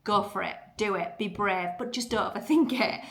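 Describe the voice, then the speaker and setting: Bright-voiced chatty woman. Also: mid-range voice, moderate pace. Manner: chatty, earnest, lots of fillers. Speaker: podcast host. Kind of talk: casual motivational talk.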